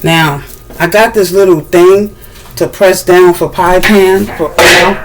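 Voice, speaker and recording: A woman chatting casually while demonstrating a recipe in her home kitchen, rambling, with sudden excited bursts. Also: lowish voice, takes it slowly, background noise. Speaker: cooking vlogger.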